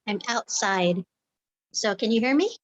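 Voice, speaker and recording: A woman's voice: mid-range voice, animated, slow pace, muffled recording, crowd noise. A woman from the San Francisco Bay Area joining a video call from outdoors, chatty and apologetic. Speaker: guest. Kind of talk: casual video call chat.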